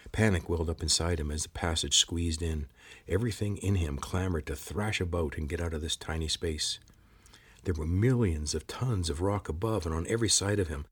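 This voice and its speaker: A man narrates an adventure audiobook at a steady pace. His voice sits very low and has a husky grain to it.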